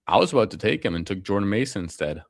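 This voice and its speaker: A man's voice: on the low side, sing-song, rapid-fire, no echo, studio quality. A man streaming a fantasy football draft, talking casually and slangily with viewers. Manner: casual, slangy, calls people bro and man. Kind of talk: casual live commentary.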